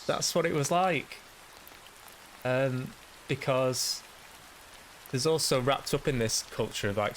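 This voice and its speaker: A man's voice: on the low side, fairly bright tone, slight background noise, low-quality recording. A man hosting a solo podcast, rambling through a casual monologue in a self-deprecating, sweary way. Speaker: podcast host.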